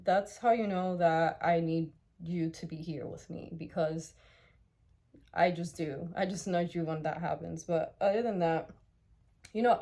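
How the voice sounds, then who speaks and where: A woman's voice: on the low side, a little slow, darkish tone. A young adult woman talking candidly in a personal vlog, raw and heartfelt, swearing freely and circling back over her thoughts. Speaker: vlogger.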